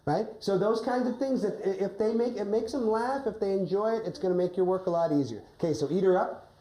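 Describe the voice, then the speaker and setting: A woman's voice: mid-range voice, fast, warm tone, roomy sound, rough recording. A woman coaching a teacher through a classroom drama lesson, often ending phrases with a questioning "right?". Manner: ends phrases with a rising "right?".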